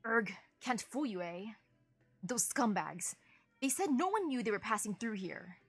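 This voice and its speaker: A woman voicing a wary, hostile male village farmer who speaks defensively and gruffly while reading a game's story aloud. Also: mid-range voice. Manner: defensive and gruff, turning scornful.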